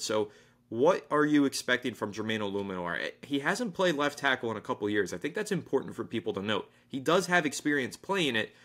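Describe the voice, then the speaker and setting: Bright-voiced male sports podcast host. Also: medium pitch. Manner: enthusiastic, reads sponsor plug. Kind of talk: casual sports talk.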